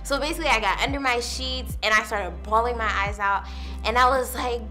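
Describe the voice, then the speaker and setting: Bright-voiced young woman sharing her testimony. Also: a little high, a little fast, soft background music. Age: young adult. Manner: candid, casual storytelling with frequent "like" and "literally". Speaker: university student giving a testimony. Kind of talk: personal testimony.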